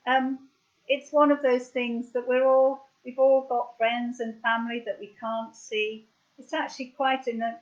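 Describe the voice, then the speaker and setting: A woman's voice: a little high, muffled recording. A woman hosting an online craft session, chatting casually and rambling through her demonstration. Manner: chatty, rambling, often restarts. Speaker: craft workshop host. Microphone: video call webcam.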